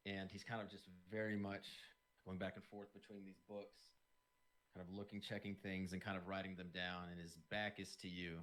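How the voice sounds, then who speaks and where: A man's voice: sits low, little pitch movement, normal speed, fairly bright tone. A man narrating as game master in a tabletop game, describing scenes loosely with lots of "kind of" hedges.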